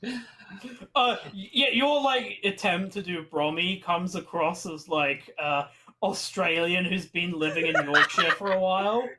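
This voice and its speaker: A man's voice: sits high, unhurried, sharp tone, slight background noise. A British man joining a casual podcast chat, dry and teasing with ironic jokes. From Britain.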